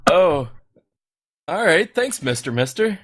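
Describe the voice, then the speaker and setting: A man's voice: on the high side, very animated, slow pace, fairly bright tone, voice pushed up, heavily acted. A man voicing a flustered young male adventurer in a storytelling game podcast. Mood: thankful.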